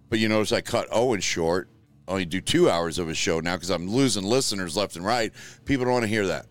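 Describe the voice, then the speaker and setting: A man's voice: low voice, fast, faint music behind. A middle-aged man hosting a show from a spare room at home, talking in a blunt, rambling, profane way. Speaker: show host. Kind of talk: casual livestream talk.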